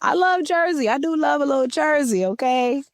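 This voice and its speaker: A woman from Queens with a New York accent, hosting a podcast in a lively, playful chat full of shout-outs. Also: high voice, moderate pace, no echo, studio quality. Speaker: podcast host. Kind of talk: casual chat.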